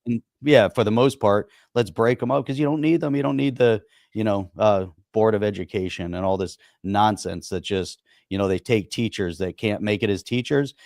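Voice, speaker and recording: A man with a lowish voice co-hosts a podcast, speaking loosely and emphatically. He leans on fillers and restarts as he makes his points. His voice is recorded dry and close, with little room sound. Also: normal speed, creaky, few pauses, a little mellow, no room sound. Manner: rambling, emphatic, frequent "you know" fillers. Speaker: podcast co-host. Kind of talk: casual political chat.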